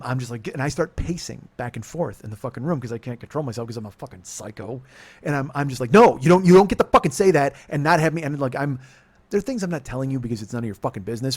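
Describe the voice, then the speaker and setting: A middle-aged man from California, host of a podcast, has a medium-pitched, slightly rough voice. His confessional monologue is a long personal story told in a rambling, profane way, with sentences frequently left unfinished.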